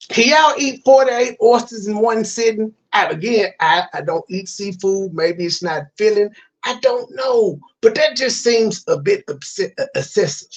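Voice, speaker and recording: A man's voice: high voice, measured pace. A man hosting a reaction commentary, ranting with profane disbelief. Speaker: commentary channel host.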